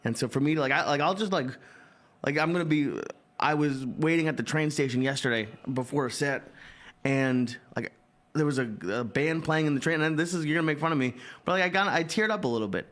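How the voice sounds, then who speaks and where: A man's voice: fairly high pitch, brisk, fairly bright tone. A man in his thirties, a comedian co-host, talking earnestly and rambling in casual chat with lots of "like". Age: 30s. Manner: earnest, rambling, heavy on filler "like".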